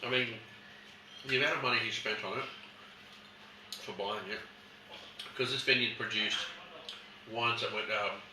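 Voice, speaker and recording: A man's voice: lowish voice, steady tone, normal speed, long pauses. Chatty man in an echoey wine shop. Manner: chatty storyteller, acts out customers. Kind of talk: casual wine tasting chat. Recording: echoey room, mic at a distance, background noise.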